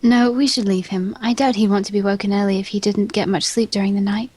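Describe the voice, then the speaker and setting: A woman voicing a gentle, caring young woman who speaks politely, calmly and formally. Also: medium pitch, fast talker, husky, no echo, natural voice.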